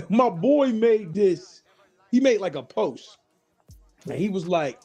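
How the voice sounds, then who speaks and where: A man's voice: high-pitched, expressive, unhurried, mellow, faint music behind. A man hosting a casual chat, telling stories with lots of swearing and acted-out quotes. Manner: storytelling, swears freely, acts out quotes. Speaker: host.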